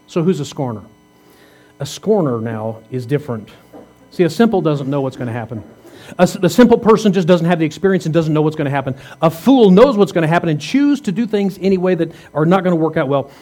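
A man's voice: a little high, dark tone. A man in his fifties, a pastor preaching a sermon in a conversational way, asking rhetorical questions and teasing the congregation. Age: 50s. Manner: jokes and teases the congregation.

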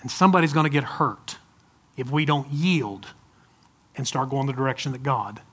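A man preaching a sermon to a congregation, swinging from loud urging to soft, pleading asides. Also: medium pitch, moderate pace, breathy edge. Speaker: pastor.

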